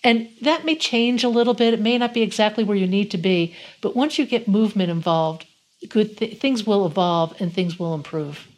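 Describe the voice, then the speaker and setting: Woman, podcast host, reflective, mid-pitched voice. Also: normal speed, a little mellow. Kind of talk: interview conversation.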